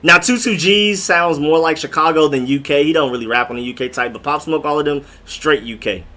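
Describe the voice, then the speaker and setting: A man's voice: fairly high pitch, brisk, sharp tone. A young man from Atlanta hosting a casual live stream, rambling in slang and answering viewers' comments as he reads them. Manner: rambling, slangy, talks straight to the chat.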